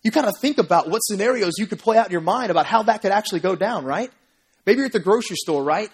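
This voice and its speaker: Husky high-voiced man preaching. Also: fast talker. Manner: animated storytelling, acts out crowd voices, asks "right?" often. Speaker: pastor. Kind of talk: sermon. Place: church sanctuary.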